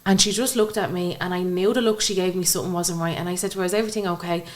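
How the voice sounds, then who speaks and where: A woman's voice: lowish voice, steady tone, very fast. A young woman with an Irish accent, a podcast guest telling a personal story and acting out the dialogue she quotes. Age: young adult. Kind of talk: emotional personal storytelling in conversation.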